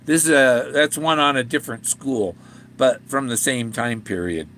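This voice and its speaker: At a moderate pace, an older man with a medium-pitched, fairly bright voice rambles casually about his treasure hunt, faint background noise behind him. The author and vlogger laughs often and frequently restarts what he's saying.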